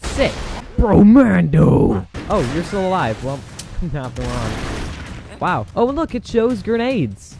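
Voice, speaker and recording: A young man casually commenting on a game as he plays, excitable and quick to exclaim. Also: on the high side. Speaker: gameplay commentator. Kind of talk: casual let's play commentary. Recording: game music and gunfire loud behind voice. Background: game music and gunfire.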